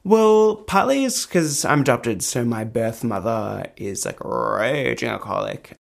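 A man's voice: mid-range voice, lively intonation, measured pace, gravelly. A young man being interviewed as a guest. He tells candid stories in a chatty way, laughs often and acts out voices in his anecdotes.

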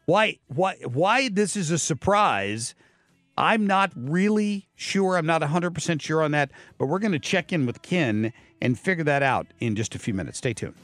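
A man's voice: on the high side, expressive, moderate pace, a bit bright, no echo, faint music behind. A man hosting a talk radio show, giving blunt, sardonic commentary that is full of fillers and restarts. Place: radio studio. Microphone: studio microphone.

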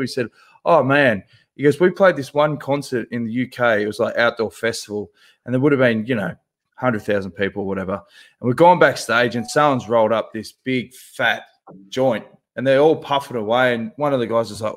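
A man's voice: mid-range voice, a little fast. Yarn-spinning Australian man. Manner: animated, slangy yarn-spinning. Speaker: podcast co-host. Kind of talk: casual chat, storytelling.

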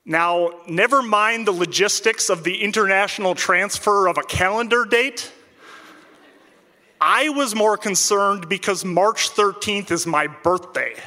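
A man tells a personal story with wry, deadpan comic timing. His voice sits high and bright for a man, and a long hall reverb trails each phrase. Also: unhurried. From central Minnesota, United States.

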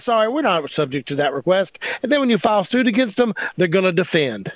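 A man speaking as a legal expert co-host on talk radio, animated and laughing often. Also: high voice, fast, dry recording. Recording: dry, phone-like talk radio sound.

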